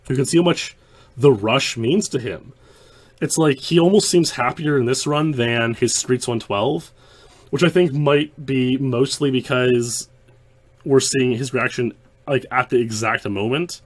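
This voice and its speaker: A man's voice: mid-range voice, a little slow. A man hosting the show, talking through the clip in casual, rambling commentary full of restarts. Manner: rambling, many restarts and fillers. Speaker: host.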